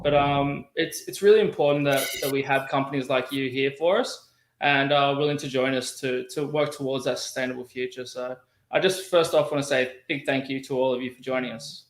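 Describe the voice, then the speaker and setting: A man's voice: mid-range voice, fairly even intonation, a little fast, roomy sound. A man hosting a rum tasting over a video call, chatty and friendly, with many restarts. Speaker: host.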